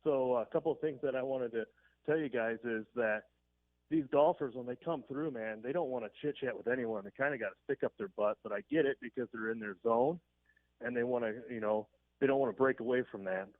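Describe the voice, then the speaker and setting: A man's voice: medium pitch, fairly quick, no room sound. A man phoning in to a radio talk show, rambling through a story with plenty of fillers and a chuckle here and there. His voice comes down a thin, phone-like line. It sounds dry and close, with no room around it. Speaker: caller. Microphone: telephone.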